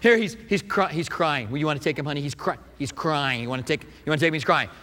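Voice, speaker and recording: A man preaching a sermon as pastor, lively and conversational, often asking the congregation questions. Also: a little high, fast talker, big-room sound.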